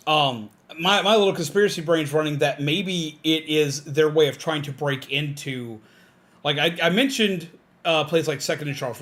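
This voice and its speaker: Slightly bright and somewhat high, this man's voice carries a casual game-stream rant. He wanders from point to point, cursing often and using lots of fillers.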